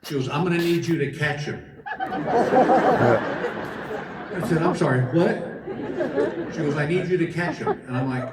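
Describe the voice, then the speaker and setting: At a quick pace with hardly any pauses, a middle-aged comedian in a fairly high voice delivers folksy stand-up stories, acting out both speakers in each conversation. He's on a large casino theater stage, recorded from afar in a roomy live hall, over a very noisy, laughing crowd.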